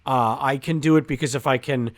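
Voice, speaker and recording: A man's voice: medium pitch, fairly even intonation, brisk. A man, an actor, chatting easily as a podcast guest and using lots of fillers along the way. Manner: easygoing, chatty, with many fillers. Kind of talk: casual interview chat.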